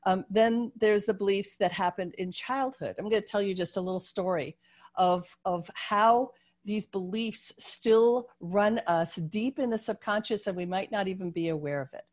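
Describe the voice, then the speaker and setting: A woman leading a group video call, teaching through a story in a gentle way, with frequent fillers and restarts. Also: medium pitch, normal speed.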